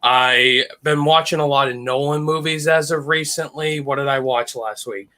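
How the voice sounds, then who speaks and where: Upbeat bright-voiced male podcast host. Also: medium pitch, steady tone, moderate pace. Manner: upbeat, enthusiastic. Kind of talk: casual chat.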